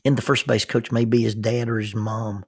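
Soft-spoken, husky-voiced man. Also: on the low side, level tone. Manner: slow, soft-spoken storytelling with laughs; quiet, intimate delivery, dropping to near whisper. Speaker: podcast host. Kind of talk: reflective devotional podcast talk.

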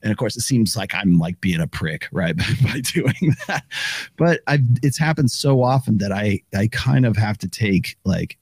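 A man's voice: on the low side, lively intonation, moderate pace, breathy edge, no echo. A man hosting a casual conversation, rambling and acting out what other people said. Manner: rambling, acts out quoted voices.

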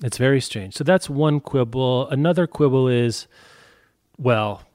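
A man's voice: medium pitch, a little slow, a little mellow, dry recording, clean studio sound. A man co-hosting a podcast, chatting casually about a film with wry, joking asides and mock outbursts. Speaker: podcast co-host.

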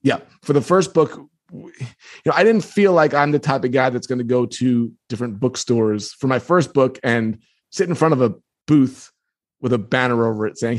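A man, an author being interviewed, telling a story with energy and quoting others in lively voices. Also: mid-range voice, normal speed. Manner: quotes others in lively put-on tones. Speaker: author and guest. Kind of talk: animated storytelling.

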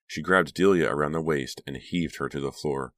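A man reading a teen thriller novel aloud in a steady, measured audiobook narration. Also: a bass voice, no room sound. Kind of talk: scripted narration.

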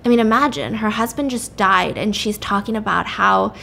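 A young woman hosting a podcast, casually recapping a story in an animated way and swearing playfully now and then. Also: mid-range voice, moderate pace, vocal fry, slight background noise. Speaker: podcast host.

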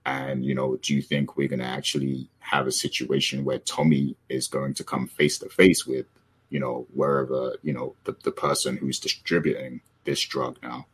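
A man with an extremely deep voice hosts a casual TV recap, steering the conversation. His tone is husky and a little rough. He leans on fillers as he talks and throws questions to his co-hosts. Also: level tone, normal speed. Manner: leads the talk, prompts co-hosts, frequent fillers. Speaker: podcast host.

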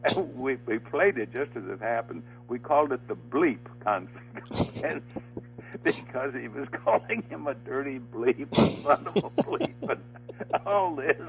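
An older man, a former game show host, tells a halting anecdote in an interview, breaking into laughter as he goes. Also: medium pitch, lively intonation. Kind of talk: storytelling in an interview. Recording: tinny phone line with faint music.

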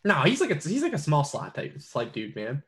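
A man's voice: a little high, huge pitch swings, a little fast. Rambling fantasy football analyst, man. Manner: rambling, many fillers and restarts. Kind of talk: casual podcast chat.

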